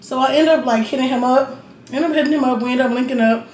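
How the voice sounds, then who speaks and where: A young woman talks straight to camera, blunt and profane and full of asides to the viewer. Her voice sits a little high. The room adds a roomy echo over a faint hiss of noise. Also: fast, a little mellow. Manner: blunt, profane, chatty, keeps checking in with the viewer. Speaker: vlogger. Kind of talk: casual storytelling while getting ready.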